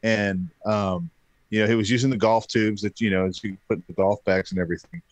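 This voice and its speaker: A man in his thirties telling a long story in casual chat, animated and acting out what people said. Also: fairly low pitch, fairly quick, no echo. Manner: animated, acts out quotes. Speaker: podcast guest.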